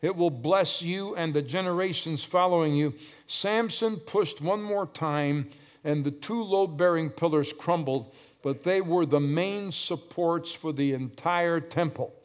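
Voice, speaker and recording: A man preaching a sermon with fervor, repeating phrases for emphasis and swinging from loud, stretched calls to low, hushed lines. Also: slow pace. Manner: fervent preaching, swelling loud then dropping low. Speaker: pastor.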